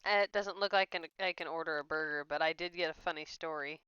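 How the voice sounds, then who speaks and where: Gamer lady talking through her playthrough, smooth clear voice, dull dry mic. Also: low voice, fast talker, sharp tone, no echo. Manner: chatty, giggly, reads instructions aloud. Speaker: game streamer. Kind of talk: let's play commentary.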